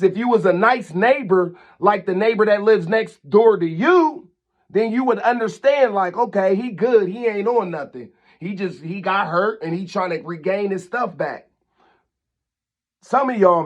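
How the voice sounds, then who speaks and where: A man, his voice sitting fairly high, vents at length in a vlog rant. He scolds and repeats himself, heated and insistent as he talks straight to camera. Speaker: channel host.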